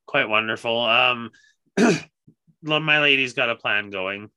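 A man's voice: mid-range voice, measured pace, pushed and bright, clear, resonant tone, dry recording. A man in his thirties co-hosting a podcast, talking in a laid-back way, laughing often and swearing casually. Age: 30s. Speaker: podcast co-host.

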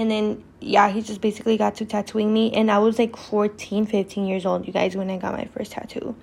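Young woman host, casual storytime, higher voice, lots of swearing and "like" fillers. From California. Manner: profane, chatty, lots of "like". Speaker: podcast host.

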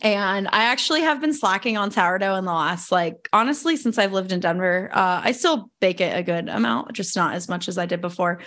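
A woman's voice: mid-range voice, expressive, fairly quick, few pauses, fairly bright tone. A young adult woman hosting a casual podcast chat, talking loosely with lots of fillers and frequent laughs. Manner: chatty, laughs often, many fillers. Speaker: podcast host. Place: home in Denver.

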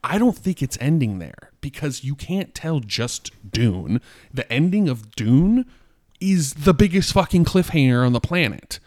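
Excited rambling man on a podcast. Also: fairly high pitch, a little slow, dry recording. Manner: excited, rambling with many fillers. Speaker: podcast co-host. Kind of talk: casual chat.

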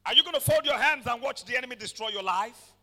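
Pastor guy preaching, high bright ringing voice, gets loud then drops quiet. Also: expressive, fast talker, in a large hall. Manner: dynamic preaching, swinging from quiet to shouting; calls for amens from the congregation. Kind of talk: sermon.

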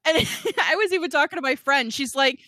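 A woman's voice: high voice, sharp tone, no echo, clean studio sound. A woman hosting a podcast and chatting casually, rambling and self-deprecating with frequent giggles. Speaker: podcast host and author. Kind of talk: casual chat.

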